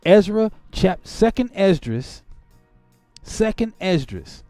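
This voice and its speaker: Impassioned high-voiced male preacher. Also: very animated, slow pace, dry recording, soft background music. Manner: emotional, swings from quiet reflection to angry outbursts. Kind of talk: impassioned sermon-like testimony.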